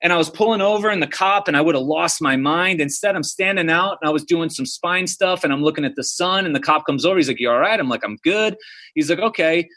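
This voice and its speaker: A man's voice: a little high, fast, hardly any pauses, bright, forceful tone. A man in his thirties, a podcast guest telling personal stories in a casual way, full of "like" and "dude". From United States. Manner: casual, storytelling, uses "dude" and "like" often. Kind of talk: podcast interview.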